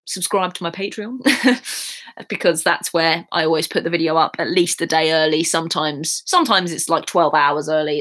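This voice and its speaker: A woman's voice: fairly low pitch, fairly bright tone. A young woman chatting casually on a live stream, reading out viewer comments with a giggly, sing-song manner. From England. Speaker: YouTuber reading live chat.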